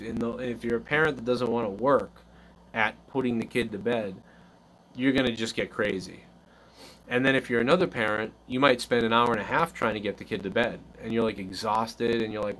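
A man's voice: fairly low pitch, a little hiss or hum. A man hosting a live call-in stream, chatting casually in a loose, rambling way and acting out little quotes. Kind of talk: casual chat.

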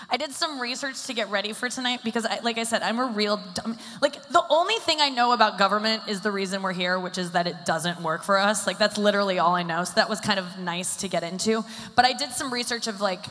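A woman's voice: medium pitch, sharp tone. A woman in her thirties doing a live stand-up set, rambling and self-deprecating with lots of filler "like"s. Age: 30s. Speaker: stand-up comedian. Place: stage at a live summit event. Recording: echoey hall with long reverb.

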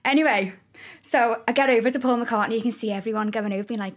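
A young woman with a strong Scouse accent tells stories in an animated, chatty way. Her voice sits a little high for a woman, and she talks freely as a podcast guest. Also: very fast. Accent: Scouse (Liverpool). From Liverpool, England. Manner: animated, chatty storyteller with laughs. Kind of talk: casual podcast chat.

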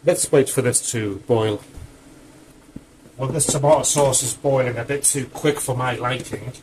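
A man's voice: mid-range voice, unhurried, a little mellow, slight background noise, rough recording. A man cooking in his home kitchen, talking casually through the steps with chatty asides, a little out of breath. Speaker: home cook.

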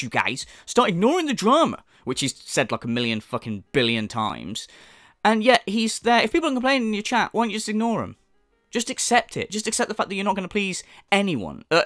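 A man's voice: high voice, a bit bright, no echo, studio quality. A man ranting in sneering, profane commentary as a channel host.

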